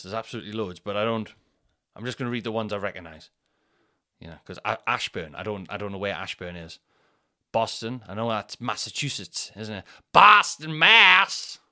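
Bright, chatty Northern English man. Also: on the low side. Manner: rambling, sweary, self-mocking. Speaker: podcast host. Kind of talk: casual solo podcast chat.

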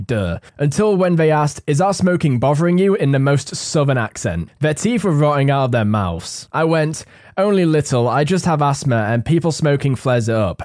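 A man's voice: medium pitch, darkish tone, no echo. A young man reads stories aloud and adds wry, casual comments between them. His voice sits in a middle range. The sound is close and dry. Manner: casual, wry asides after each story. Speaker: story narrator.

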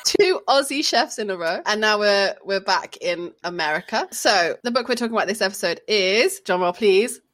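A woman's voice: mid-range voice, animated, normal speed, hardly any pauses, fairly bright tone. A woman co-hosting a casual food podcast, playful and giggly as she introduces the episode. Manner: playful, giggly, presents the show's format. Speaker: podcast co-host. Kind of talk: casual chat.

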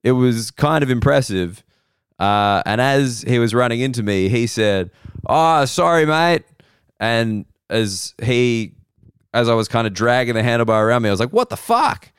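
An Australian comedian hosting a podcast, telling rambling self-deprecating stories slowly, his voice hoarse and worn. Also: mid-range voice, steady tone, no echo, clean studio sound. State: losing his voice. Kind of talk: casual comedic monologue.

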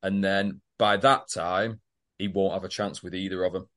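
A man's voice: low-pitched, steady tone, fairly bright tone. A man, co-hosting a podcast, chipping in with dry jokes and corrections in casual banter. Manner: dry, quick to correct and joke. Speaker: podcast co-host.

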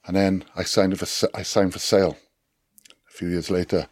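A man with a Welsh accent, a former rugby player, telling lively anecdotes as a podcast guest with swearing and laughs. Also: sits low, normal speed, slightly rough. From Wales. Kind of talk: casual storytelling chat.

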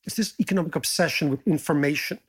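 A man hosting a podcast, chatting in a casual, jokey, animated way. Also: quick pace, breathy edge. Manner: animated, jokey, swoops up in pitch. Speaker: podcast host.

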